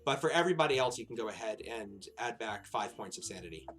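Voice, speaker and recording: A man's voice: fairly low pitch, expressive, quick pace, loud music behind the voice. A man running a tabletop horror game as game master, describing scenes and rules with many fillers. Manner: rambling with frequent fillers and laughs.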